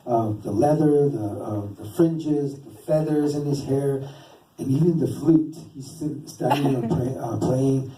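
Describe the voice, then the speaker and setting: A man doing stand-up storytelling, rambling and interrupting himself with a deadpan, teasing manner. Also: mid-range voice. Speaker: stand-up comedian and cartoonist. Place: stage in a venue. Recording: roomy, distant live stage recording.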